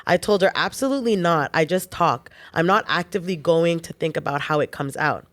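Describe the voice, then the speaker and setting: A woman co-hosting a chat show, reading a listener's post aloud with quick casual asides. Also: low voice, a bit bright.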